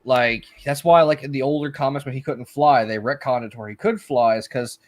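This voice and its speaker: A man co-hosting a casual podcast chat, calmly explaining comic-book lore in a matter-of-fact way. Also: medium pitch, brisk, no room sound. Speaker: podcast co-host.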